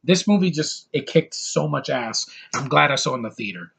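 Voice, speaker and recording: A man's voice: mid-range voice, expressive, moderate pace, gravelly, a bit bright, slight background noise. A young man giving a brash, over-the-top movie review, ranting and swearing as he talks.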